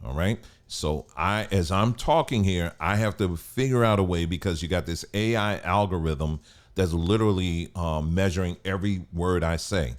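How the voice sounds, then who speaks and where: A man with a deep, low voice gives casual commentary to his viewers. He talks cautiously and haltingly, stopping often to restart a sentence or fill a pause. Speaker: channel host.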